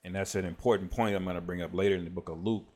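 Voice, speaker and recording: Low-voiced man giving casual scripture commentary. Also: fairly even intonation, crowd noise, noisy background. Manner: conversational, peppers speech with "man"; reads scripture verses aloud slowly. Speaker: online prophecy commentator.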